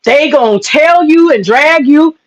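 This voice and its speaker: A woman's voice: sits high, lively intonation, measured pace, rough recording. A woman vlogger on a heated opinion rant, talking straight to her viewers, profane and emphatic, hammering her points with repetition. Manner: talks straight to viewers, says she is getting upset.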